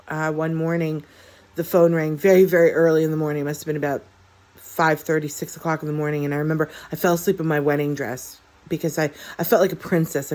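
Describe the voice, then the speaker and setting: A woman in her forties from the United States with a low-pitched voice tells a story from her own life. She speaks haltingly and from the heart, breaking off often with fillers and restarts. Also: a little mellow. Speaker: vlogger. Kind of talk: personal storytelling.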